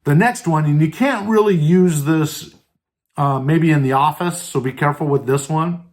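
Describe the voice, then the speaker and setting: A man's voice: fairly high pitch, normal speed, darkish tone. A man hosting a podcast and giving an earnest motivational talk on leadership, asking the listener questions and often adding "right?" and "and so forth". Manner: earnest, stresses words by tone, asks listeners questions; many fillers like "right?" and "and so forth". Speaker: podcast host.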